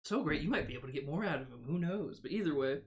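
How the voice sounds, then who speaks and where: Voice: mid-range voice, animated, very fast, a little hiss or hum. A game master narrating a tabletop role-playing game in a casual way, with lots of fillers.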